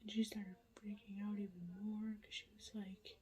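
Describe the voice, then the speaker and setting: A woman's voice: medium pitch, level tone, moderate pace, hardly any pauses, darkish tone, husky, dull audio. A woman whispering a casual late-night reading vlog update, chatty and full of ums and likes. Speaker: book vlogger.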